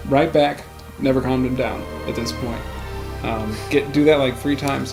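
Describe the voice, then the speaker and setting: A man's voice: medium pitch, fairly even intonation, normal speed, over music. A young man hosting a let's play, telling rambling stories in casual chat, swearing freely and laughing often. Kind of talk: casual chat over gameplay.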